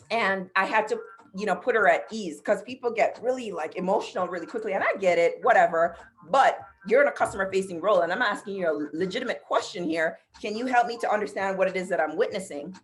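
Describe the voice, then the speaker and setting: Over a video call on her computer mic, a middle-aged woman delivers a casual talk show monologue at a fairly quick pace with faint music in the background. Her voice is mid-range, and she speaks directly to her audience while telling stories emphatically.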